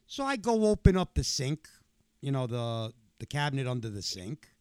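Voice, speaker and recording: A middle-aged man telling a story in casual chat, animated and swearing heavily. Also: mid-range voice, normal speed, clean tone, no echo. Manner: animated, heavy swearing, rising to shouted outrage. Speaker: podcast guest.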